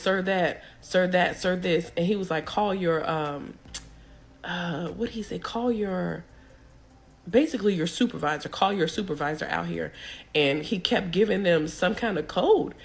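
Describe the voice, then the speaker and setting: A woman's voice: fairly low pitch, creaky. A young woman, telling a story casually and acting out the people she quotes.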